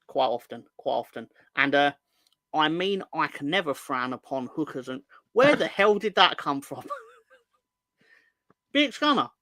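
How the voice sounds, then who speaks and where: Co-hosting a casual football podcast, a man with a London accent rambles and jokes while reading out viewer comments. His voice is on the high side with a sharp tone, and there's no echo.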